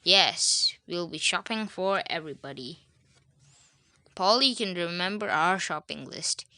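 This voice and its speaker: Kindly granny pig, as a woman reads her, bright and slow. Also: on the low side, lively intonation, no room sound, full character voice. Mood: cheery.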